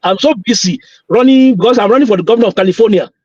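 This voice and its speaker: A man's voice: sits high, very fast, darkish tone, husky, no echo, muffled recording. A man calling in to a live talk show, insistent and repetitive, often stumbling over his words. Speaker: caller. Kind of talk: call-in chat on a live show.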